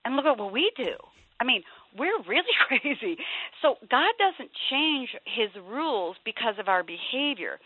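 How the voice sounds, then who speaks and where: A woman's voice: fairly high pitch, very animated, moderate pace, no echo. A woman in her fifties, an author giving earnest, emphatic parenting advice as an interview guest. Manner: emphatic, earnest advice, drops to a soft voice for quoted pleas. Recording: tinny phone line.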